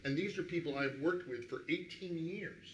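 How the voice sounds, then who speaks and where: A middle-aged man, a radio DJ, telling animated anecdotes at a dinner table and acting out the people he quotes. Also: on the high side, moderate pace. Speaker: radio DJ guest. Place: restaurant dining room. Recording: echoey room.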